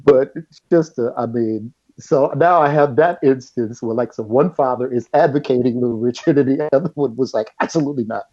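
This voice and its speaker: A man's voice: medium pitch, moderate pace, hardly any pauses, lo-fi sound. Laughing middle-aged man telling stories. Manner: animated, laughing storyteller. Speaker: guest. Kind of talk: storytelling in casual chat.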